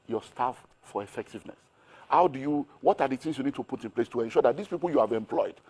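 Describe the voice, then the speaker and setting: A man's voice: on the high side, darkish tone, breathy edge. A middle-aged man with a Nigerian accent, a business mentor talking energetically in an interview and firing off rhetorical questions. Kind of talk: animated interview talk.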